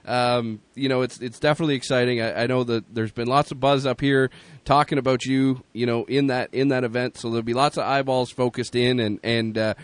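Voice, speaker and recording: A man's voice: medium pitch, steady tone, brisk, no room sound. A male host chatting eagerly with a guest, often restarting and repeating his words. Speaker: show host. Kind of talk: casual talk show chat.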